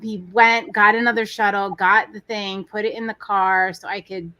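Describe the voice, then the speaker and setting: A woman co-host in her forties, talking casually and telling stories with lively energy. She acts out what others said as she goes. Her voice is dry and close, with little room sound. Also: mid-range voice, normal speed, no echo. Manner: animated storytelling, acts out quoted people. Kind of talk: casual chat.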